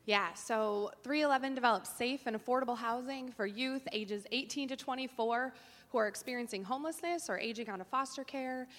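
Female guest speaker with a fairly high voice, clear and matter-of-fact; church hall with a long reverb. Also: a little fast, a bit bright. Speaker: guest, nonprofit founder. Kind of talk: explaining to a congregation. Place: church sanctuary. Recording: long reverb in a large room.

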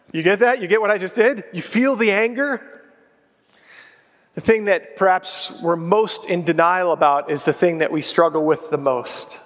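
A man preaching a sermon in a conversational storytelling way, dropping his voice low to stress key points. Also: fairly even intonation, normal speed, hardly any pauses, a bit bright. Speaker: pastor. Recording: long reverb of a large hall.

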